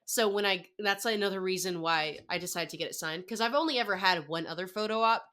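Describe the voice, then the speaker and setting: A young adult woman chats as a podcast guest, her voice bright and clear. She talks at an ordinary pitch for a woman. She tells her story in an excited, gushing way and keeps dropping "like" between phrases. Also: fast talker. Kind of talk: casual chat.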